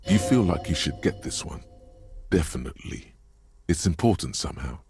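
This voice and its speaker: An actor playing a brooding, ominous male game narrator with a gravelly, husky voice and measured delivery. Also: rumbling low, big pitch swings, a little mellow, no room sound, exaggerated voice. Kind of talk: video game voice acting.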